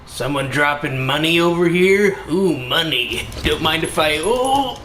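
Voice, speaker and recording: A man's voice: fairly high pitch, expressive, measured pace, fairly bright tone, reverberant, a little hiss or hum. A man giving joking let's play commentary, goofy and playful, slipping into silly voices. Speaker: gamer.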